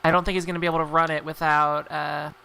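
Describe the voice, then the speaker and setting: A woman co-commentating a game match with a gravelly voice, measured and explanatory, with frequent ums. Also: low-pitched, level tone, pushed and bright. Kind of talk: live esports commentary. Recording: faint background noise.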